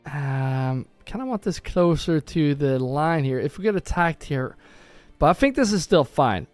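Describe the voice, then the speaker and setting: A man's voice: fairly high pitch, expressive, measured pace, no echo. A man casually commenting on his own gameplay on a live stream, thinking aloud and often correcting himself. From Norway. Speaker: gaming streamer. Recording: faint background music.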